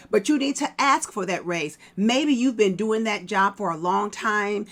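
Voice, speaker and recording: A woman's voice: medium pitch, a bit bright. A middle-aged woman hosting a vlog, giving an emphatic motivational talk to her viewers and repeating her key points. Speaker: vlog host.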